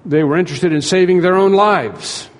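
A man's voice: sits high, moderate pace, in a large hall. A man preaching a sermon in an earnest, repetitive way, acting out the dialogue he tells.

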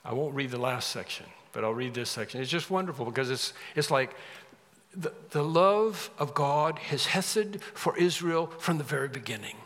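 A man's voice: mid-range voice, animated, normal speed, a bit bright, big-room sound. A man preaching a sermon, reading scripture aloud and explaining it in an earnest, conversational way. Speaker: pastor.

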